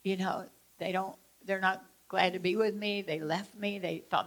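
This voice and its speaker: A woman lecturing on traumatic memory, weaving in a story from her own life. Her pitch sits in an ordinary middle range, and she tells the story expressively. She swings between loud emphasis and quiet, hushed passages. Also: steady tone, moderate pace, few pauses. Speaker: speaker teaching about traumatic memory. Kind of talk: personal story within a lecture.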